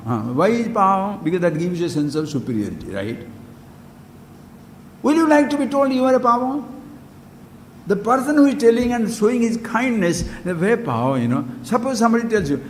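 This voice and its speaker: Spiritual teacher, man, high voice, keeps firing questions at the crowd, big echo in the hall. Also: very animated, fairly quick. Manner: emphatic, questions listeners directly, wide swings in pitch and loudness. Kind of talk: spiritual discourse to a gathering. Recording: long hall reverb with faint background hiss.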